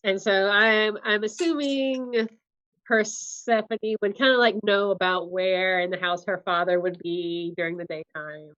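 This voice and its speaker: A woman's voice: mid-range voice, fairly even intonation, a little slow, fairly bright tone, lo-fi sound. A woman narrating as game master in a tabletop role-play stream, also speaking for non-player figures.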